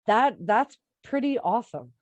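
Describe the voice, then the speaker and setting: Brief: woman author, higher voice, dry close sound, animated storyteller who laughs a lot. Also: unhurried, no echo, dull audio. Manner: animated, laughs often, gushing. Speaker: author guest. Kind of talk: casual chat.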